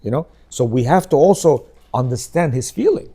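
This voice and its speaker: A man's voice: medium pitch, expressive, normal speed, warm tone. A middle-aged man giving an informal religious lecture, conversational and often checking in with his listeners. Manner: conversational, keeps checking in with "yeah?" and "you know"; acts out quoted speech in shifting voices. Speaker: religious teacher.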